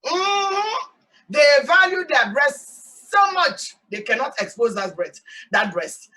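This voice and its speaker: A woman from Sierra Leone with a Sierra Leonean accent, hosting an animated, emphatic talk monologue outdoors. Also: high-pitched, slow pace, recorded from a distance, poor audio. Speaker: host. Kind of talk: casual talk show monologue. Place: outdoors in hot sun.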